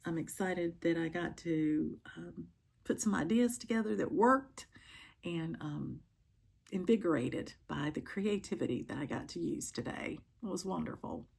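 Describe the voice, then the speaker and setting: A middle-aged woman talks through her day in an easygoing, chatty way, pausing often with ums. Her voice sits a little low, with a gravelly, husky edge. It sounds like a relaxed home vlog. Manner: chatty, many ums and pauses. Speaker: cross-stitch vlogger. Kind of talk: casual chat to camera.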